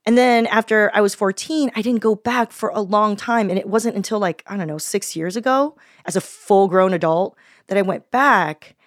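A woman host, born in Taiwan and raised in America, chatting in a casual, expressive way during an interview. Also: mid-range voice, normal speed, no room sound, clean studio sound.

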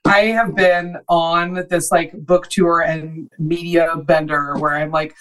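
A woman's voice: lowish voice, level tone, takes it slowly, fairly bright tone. Woman in her 30s, podcast guest, chatty, says "like" a lot, a little distant from mic. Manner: chatty, peppered with "like". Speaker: guest author. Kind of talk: podcast interview.

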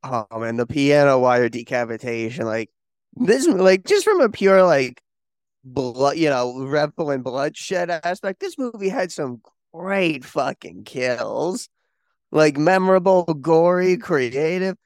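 A man's voice: fairly high pitch, very animated, slow pace, a little mellow, dry recording, studio quality. A man co-hosting a casual movie podcast, talking enthusiastically and with profanity. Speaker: podcast co-host.

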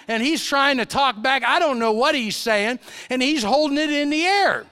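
Middle-aged male evangelist, high pitch, animated sermon delivery in church. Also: fairly quick. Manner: animated storyteller, shifts from loud to hushed. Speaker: preacher.

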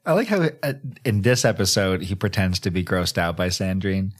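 Laid-back guy podcaster, low voice, jokey, quotes lines. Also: very animated, normal speed. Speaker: podcast co-host. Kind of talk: casual chat.

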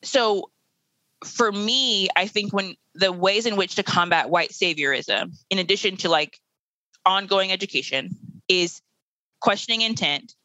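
A woman's voice: medium pitch, unhurried, bright, forceful tone, dry recording, muffled recording. A woman in her late twenties, a guest educator in a podcast interview, speaking bluntly and emphatically with bursts of laughter. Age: 20s.

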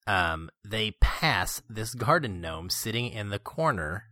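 A man in his thirties hosting a podcast, chatting casually and excitedly about a film with fillers. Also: on the low side, slow pace, dry recording, studio quality. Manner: animated, excitable storytelling with filler words. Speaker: podcast host. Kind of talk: casual movie review chat.

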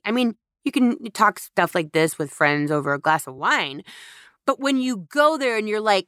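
Slow, emphatic, and given to repeating phrases for effect, a woman hosts a podcast built around a reflective spiritual monologue. Her voice sits on the high side with a fairly bright tone, and the studio recording has no echo.

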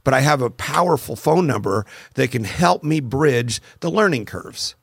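A man's voice: mid-range voice, normal speed, gravelly, slightly rough, no echo, clean studio sound. A man in his forties hosting a podcast, chatting casually and acting out dialogue as he tells stories. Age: 40s. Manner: animated storyteller acting out dialogue. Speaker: podcast host. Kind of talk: casual conversation.

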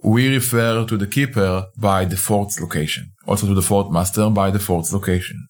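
Speaking in a low register, a man tells a first-person story for a fiction podcast. His delivery is casual and halting, full of false starts.

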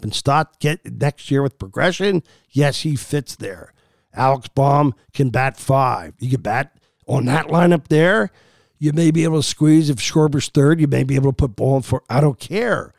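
A man's voice: medium pitch, normal speed, vocal fry, dry recording, clean studio sound. A man hosting a sports podcast, arguing his opinions in a heated, emphatic way.

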